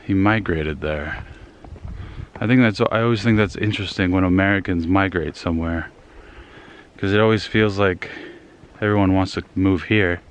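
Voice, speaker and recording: A man's voice: low voice, normal speed, smooth. A young man vlogging while walking in the woods, a little out of breath, rambling and trailing off in casual talk. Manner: rambling, self-deprecating, trailing off.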